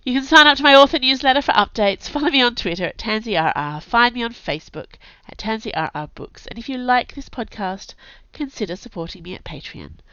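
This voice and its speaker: A woman with a cold, an author reading her own story aloud with clear storytelling and chatty asides. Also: fairly low pitch, fairly bright tone, no echo. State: has a cold. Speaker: author and podcast narrator. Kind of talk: audiobook narration. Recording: dull, dry home recording.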